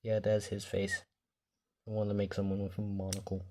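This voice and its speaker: A man's voice: fairly low pitch, monotone, moderate pace, mellow. Rambling man showing off his toys. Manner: rambling, off-the-cuff, swears when the camera loses focus. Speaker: toy collector vlogger. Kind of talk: casual show-and-tell vlog.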